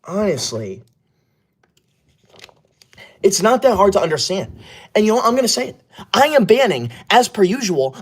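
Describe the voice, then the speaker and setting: An actor playing a bossy, easily offended young male livestreamer who scolds his viewers while keeping his voice hushed, streaming from an upstairs room away from home. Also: sits high. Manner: indignant, scolding, keeps voice hushed. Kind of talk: comedy skit of a live stream.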